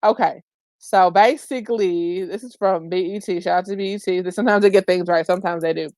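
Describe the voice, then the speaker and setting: Brief: woman vlogger, animated and emphatic, slangy commentary, dry close sound. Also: lowish voice, a little fast, no room sound. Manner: colloquial, says "child" and "girl" often. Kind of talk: opinionated commentary vlog.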